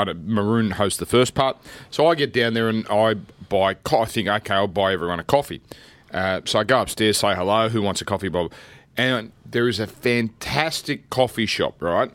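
An Australian man co-hosting a sports show, telling stories in a lively casual chat. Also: normal speed, no room sound. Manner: animated storyteller, jumps high when excited. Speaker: radio sports co-host.

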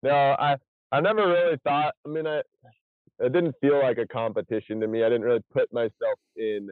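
A survival show contestant, a guest on a casual podcast, retells events at a fairly quick clip, rambling with many restarts. His voice is medium-pitched and steady in tone, and the dry recording sounds tinny, like a phone.

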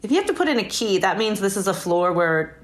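A woman's voice: mid-range voice, fast. Laughing woman telling a story. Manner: animated, laughing often, acts out quoted lines. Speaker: guest. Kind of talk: casual storytelling interview.

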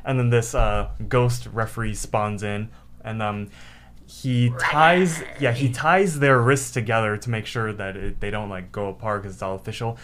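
A man's voice: on the low side, steady tone, moderate pace, fairly bright tone, a little hiss or hum. A man co-hosting a podcast, retelling a cartoon episode in a loose, rambling way with swearing. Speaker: podcast co-host. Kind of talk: casual chat recapping a cartoon episode.

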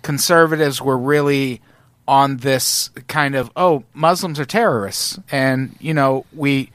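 A man's voice: medium pitch, measured pace, a bit bright, clear, resonant tone, no echo. A man in casual chat, thinking aloud in a searching way with hesitant restarts.

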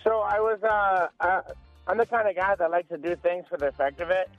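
A male radio caller with a notably high voice, telling his story with a hesitant, deadpan delivery. The line is dry and muffled, with faint music behind. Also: fairly quick, no room sound.

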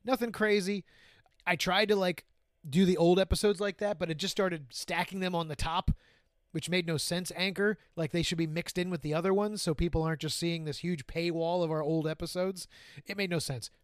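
A man's voice: sits high, fairly even intonation, fairly quick, smooth, dry recording, studio quality. A man co-hosting a casual podcast, joking and teasing, swearing freely. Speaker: podcast co-host. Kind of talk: casual chat.

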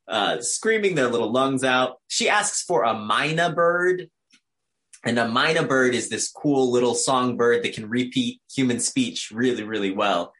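A man in casual conversation about an old film, chatty and quick to laugh. His pitch sits in the middle but swings widely as he jokes. He sounds like a regular co-host among friends. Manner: animated, joking, laughs often. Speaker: podcast co-host. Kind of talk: casual film discussion chat.

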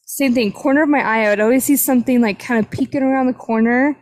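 A young woman hosting a casual podcast talks fast in a high-pitched, slightly mellow voice. The recording is rough with no room sound. She chattily retells a paranormal investigation, full of fillers like "like".

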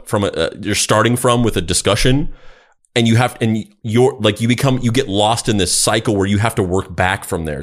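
A man co-hosting a podcast, chatting casually and rambling with many fillers and restarts. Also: lowish voice. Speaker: podcast co-host. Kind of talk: casual chat.

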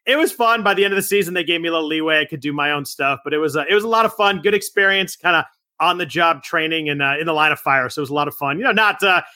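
A man appearing as a podcast guest, telling stories in a rapid, chatty, loose way. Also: a little high, sharp tone, dry recording, clean studio sound. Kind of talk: casual podcast chat.

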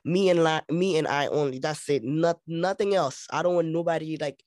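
A woman's voice: low voice, moderate pace, darkish tone, no echo. A woman from Haiti in casual chat, speaking frankly, laughing often and restarting her sentences.

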